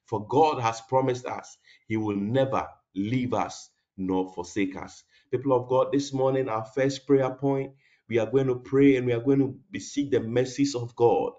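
Man, pastor leading prayer, fervent, halting "uh"s, prays in tongues, muffled lo-fi audio. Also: medium pitch, mellow. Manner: fervent prayer with frequent "uh" and "oh God", breaks into tongues. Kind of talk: devotional prayer session. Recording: dull lo-fi broadcast audio.

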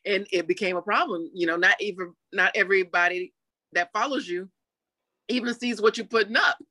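A woman being interviewed in a casual chat, telling her story animatedly and acting out quotes in lively voices. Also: medium pitch, a little fast, dry recording. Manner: chatty, with frequent "you know" fillers. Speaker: interview guest.

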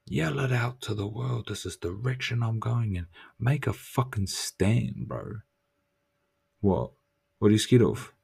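A young man delivers a casual motivational monologue as a podcast host. He talks in a blunt, swearing, in-your-face way and pushes the listener hard. His voice sits on the low side. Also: unhurried, creaky, a little mellow, breathy edge. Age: young adult. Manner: blunt, profane, confrontational pep talk.

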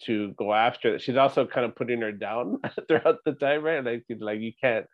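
A man's voice: mid-range voice, moderate pace, no room sound. Musing man on muffled, dry audio. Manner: reflective, analytical, often adds "right?". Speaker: podcast co-host. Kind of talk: casual rewatch chat.

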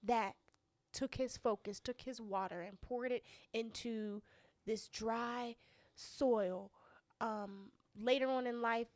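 A woman's voice: fairly high pitch, steady tone, slow, dry recording. A woman co-hosting a casual chat, chatty and laughing easily. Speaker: podcast co-host.

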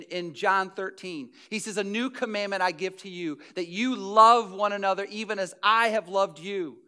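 Man, preacher, sermon, earnest conversational delivery, bright tense tone, smooth clear voice. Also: high-pitched. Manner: earnest, conversational, frequent restarts and repeated words. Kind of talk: sermon retelling scripture.

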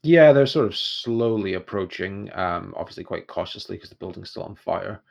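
A man's voice: low voice, lively intonation, normal speed, vocal fry, a little mellow. A man narrating as game master of a tabletop game, describing scenes in a loose, conversational way.

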